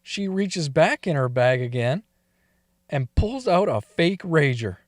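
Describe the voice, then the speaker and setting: Brief: male storyteller, unhurried, swings his pitch a lot, profane and laughing, dry close sound. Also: big pitch swings, no echo. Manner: profane, laughs often between lines. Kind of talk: casual crude storytelling.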